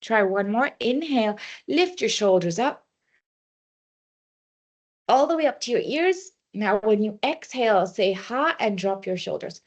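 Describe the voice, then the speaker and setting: A woman's voice: medium pitch, expressive, a little slow, pauses often. A woman wellness trainer giving a workshop talk, leading a breathing exercise and giving practical advice with frequent "you know" fillers.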